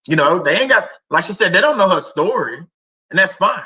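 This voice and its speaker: A man's voice: high voice, lively intonation, moderate pace, bright, forceful tone, rough recording. A middle-aged man hosting a casual faith talk stream, rambling and conversational with many fillers and restarts. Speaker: livestream host.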